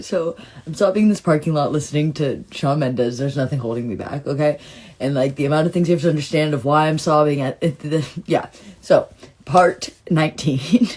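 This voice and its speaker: A woman with a low, husky voice tells a personal story in a casual monologue. She rambles and circles back, leaning on "like" as she goes. At times she leaps into a bright, excited retelling. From Southern California. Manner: rambling and emotional, heavy use of "like"; swings into excited, high-pitched retelling. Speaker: storytime vlogger.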